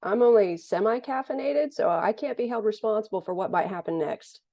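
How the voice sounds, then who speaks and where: A woman's voice: mid-range voice, fairly quick, mellow. A woman in her forties from the United States, a thriller author who answers interview questions in a casual, joking, self-deprecating way.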